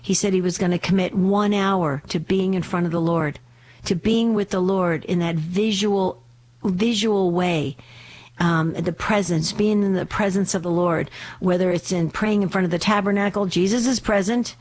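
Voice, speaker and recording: A woman's voice: on the low side, fairly even intonation, moderate pace, a little mellow. A woman hosting a live call-in radio show, talking in a fervent, urgent, pleading way, still getting over a slight cough.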